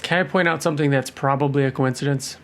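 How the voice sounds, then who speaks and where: A man co-hosting a podcast, chatting casually and acting out quotes in a raised voice. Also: fast. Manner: animated, acts out quotes in a higher voice. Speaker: podcast co-host. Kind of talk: casual chat.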